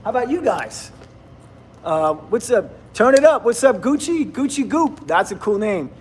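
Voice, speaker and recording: High-voiced blunt man in his fifties. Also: big pitch swings, a little slow, noisy background. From New Jersey, USA. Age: 50s. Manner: rambling and blunt, laughs often. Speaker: livestream host. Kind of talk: casual livestream chat with viewers.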